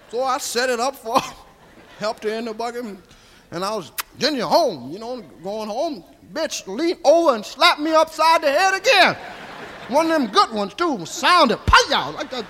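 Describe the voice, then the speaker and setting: A man doing a high-voiced old Southern storyteller, Mudbone. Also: a bit bright, slight background noise, heavily acted. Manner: drawling, folksy, coarse, keeps asking "see?". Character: old rambling country man telling tall tales. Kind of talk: stand-up character monologue. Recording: live hall reverb.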